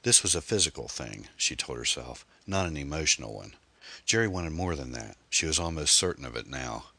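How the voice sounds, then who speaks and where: A man narrating a novel in a measured, steady storytelling manner. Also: rumbling low, no echo. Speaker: audiobook narrator.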